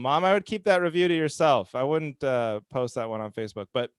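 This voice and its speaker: A man in his thirties delivers a stand-up set in a smooth, resonant voice pitched a little above the usual. His humor is dry and self-deprecating, and he slips into quick acted-out quotes. The sound is close and dead, with no room around it. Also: lively intonation, no room sound. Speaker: stand-up comedian.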